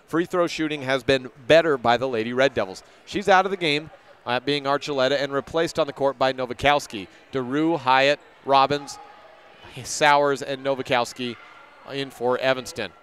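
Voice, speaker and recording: Here a man announces a girls' high school basketball game play-by-play for a local radio broadcast. He talks briskly, corrects himself on names from time to time, and sounds slightly bright in a clean recording.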